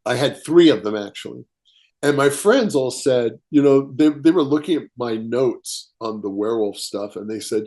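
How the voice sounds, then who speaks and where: A man, a writer, telling a personal story as a podcast guest, animated and chuckling as he acts out quotes. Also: medium pitch, normal speed. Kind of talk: casual storytelling interview.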